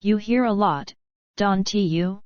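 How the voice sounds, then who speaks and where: Женщина читает за настороженного молодого парня. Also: female voice, medium pitch, takes it slowly, darkish tone, clear, resonant tone, no room sound, highs cut off, lightly acted. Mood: guarded. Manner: curt, noncommittal. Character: wary young man, tough and guarded.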